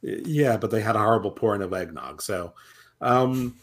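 Wry, deadpan man on a video call. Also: fairly low pitch, moderate pace. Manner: wry, deadpan joking, swears casually. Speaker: podcast co-host. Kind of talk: casual chat.

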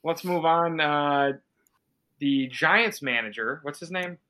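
A man's voice: a little high, slow, sharp tone. A man co-hosting a sports podcast, talking in a casual, blunt, opinionated way. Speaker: podcast co-host. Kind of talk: casual chat.

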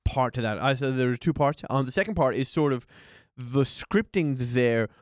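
A man's voice: medium pitch, animated, normal speed, no room sound, studio quality. A man talking as a podcast guest, thoughtful and laying out his arguments point by point. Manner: thoughtful, builds arguments in parts. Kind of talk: casual review chat.

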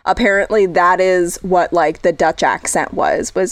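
This is a woman co-hosting a casual podcast, sliding from one tangent to the next and laughing easily. Her voice sits fairly low, and the recording is dry and close, with no room sound. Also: normal speed, dry recording. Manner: chatty, tangential, laughs often. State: losing her voice. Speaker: podcast co-host. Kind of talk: casual chat.

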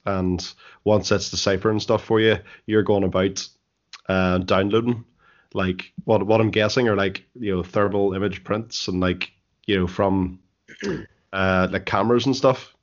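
A man on a casual gaming podcast who rambles hesitantly through his explanations, with many fillers. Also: lowish voice. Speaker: podcast co-host. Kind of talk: casual chat. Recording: dull lo-fi recording.

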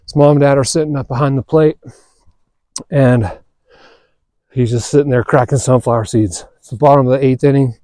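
A man hosting a podcast, telling a story in a relaxed, chatty way and acting out the quoted dialogue. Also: mid-range voice, moderate pace, pauses often, dry recording, clean studio sound. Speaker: podcast host. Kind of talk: casual storytelling monologue.

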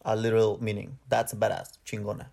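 A man's voice: lowish voice, monotone, a little fast, vocal fry, dark tone. A man from Mexico with a Mexican Spanish accent, co-hosting a podcast in casual chat, rambling and correcting himself as he hunts for English words. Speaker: podcast co-host.

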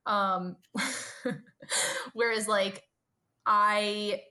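A woman's voice: medium pitch, fairly even intonation, very slow, sharp tone. A woman in her late twenties with a mid-range voice co-hosts a casual podcast chat. She talks frankly and with emphasis, swears freely, and acts out the lines of people she quotes. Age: late 20s. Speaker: podcast co-host.

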